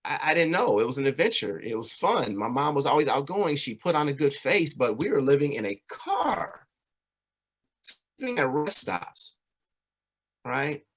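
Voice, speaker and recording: Brief: man, mid-pitched, earnest community speaker telling his own story, conversational and direct. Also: big pitch swings, moderate pace, fairly bright tone. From California. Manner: earnest, conversational, frequent "right?" and "you know". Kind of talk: personal storytelling presentation.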